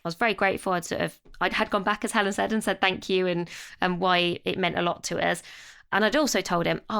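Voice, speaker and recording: A woman's voice: fairly low pitch, gravelly, fairly bright tone, clean tone. A woman co-hosting a career podcast in casual chat. She is reflective and self-deprecating, and shares personal anecdotes. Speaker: podcast co-host.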